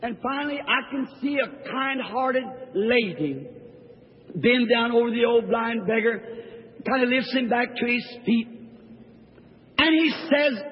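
A preacher tells a Bible story fervently and builds to shouts. His voice is strikingly high and his delivery slow and deliberate. The sound rings with a long hall reverb and comes through dull, lo-fi. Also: animated. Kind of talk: sermon, dramatic Bible storytelling. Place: large hall with a congregation.

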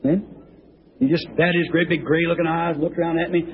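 A man preaching a sermon in a rambling, homespun storytelling way, breaking into high excited shouts, heard on a dull old tape recording with faint hiss. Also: a little fast. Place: church.

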